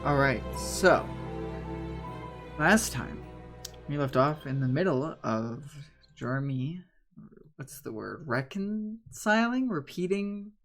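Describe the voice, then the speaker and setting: A man's voice: fairly high pitch, animated, takes it slowly, long pauses, a bit bright, faint music behind. Guy dming a tabletop game, rambly casual narration w fillers. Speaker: game master.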